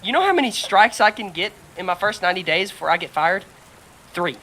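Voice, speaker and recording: A woman co-hosting a podcast, telling a story in casual chat, animated and swearing a lot while acting out what others said. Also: mid-range voice, brisk, rough recording. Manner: animated storyteller, heavy swearing, acts out quotes. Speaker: podcast co-host.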